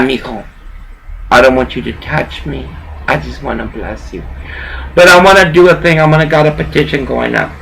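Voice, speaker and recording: Older lady ranting on her vlog, gravelly low-ish voice, drags every word out, rambles all over the place. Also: fairly bright tone, slight background noise, poor audio. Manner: rambling, profane, drops into Spanish words.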